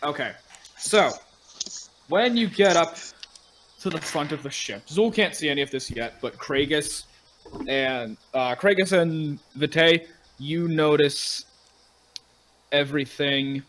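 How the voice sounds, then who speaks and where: A man's voice: fairly high pitch, slow, pauses often, a bit bright, a little hiss or hum, rough recording. A man narrating as game master in a casual online tabletop game, loose and rambling. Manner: loose and rambling, with many fillers.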